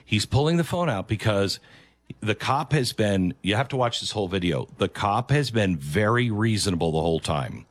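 A man's voice: fairly low pitch, animated, normal speed. A man hosting a commentary show, talking earnestly and emphatically and repeating his key phrases. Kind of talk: opinion commentary on a video clip.

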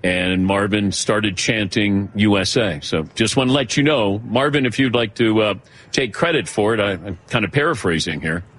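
A man's voice: on the low side, moderate pace, a bit bright, slight background noise. A man hosting a radio show, joking casually with a guest and announcing what comes up next.

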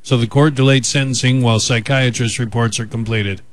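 A man's voice: mid-range voice, fairly even intonation, brisk, dry recording. A man co-hosting a radio show, telling an odd news story in casual banter, chatty and joking with frequent fillers. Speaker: radio co-host. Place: radio studio.

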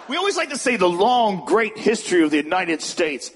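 A male stand-up comedian rants and often shouts his punchlines. His voice is high. The live room has a long reverb, and a loud crowd can be heard. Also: very animated, brisk, hardly any pauses, very noisy. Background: audience laughter.

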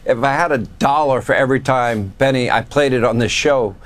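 Chatty male news show host. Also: medium pitch. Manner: chatty, quick to laugh. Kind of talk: cable news talk.

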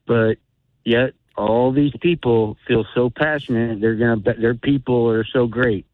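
A man's voice: medium pitch, fairly even intonation, unhurried, no room sound. A man from Chicago calling in to a radio show, heard over a thin, tinny phone line with a dry, close sound. He rants bluntly, piles on fillers and keeps circling back to his point. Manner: blunt, ranting, heavy on fillers. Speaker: radio caller. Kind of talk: casual call-in talk.

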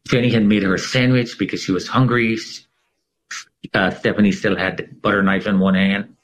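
A middle-aged man with a husky, rather low voice recounts his own story as an interview guest. He tells it dramatically, with his pitch leaping and falling, and this is an emotional personal testimony rather than a scripted talk. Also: little pitch movement, normal speed, rough recording.

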